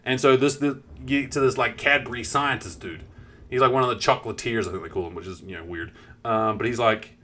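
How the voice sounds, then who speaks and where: A man's voice: mid-range voice, a little fast, a bit bright. A man streaming and chatting casually, rambling with lots of fillers and swearing while acting out what people said. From New Zealand. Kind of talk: casual chat.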